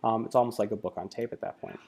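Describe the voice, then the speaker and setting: A man's voice: fairly low pitch, steady tone, quick pace, darkish tone, a little hiss or hum. A man working as a tech coach, giving a casual screen-recorded tutorial with many fillers. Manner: casual, filler-heavy explaining.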